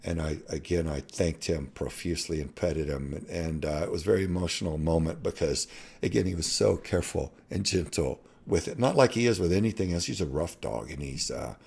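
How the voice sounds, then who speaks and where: Man, middle-aged, deep voice, earnest halting storytelling, often trails off quietly. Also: creaky, slightly rough. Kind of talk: personal storytelling.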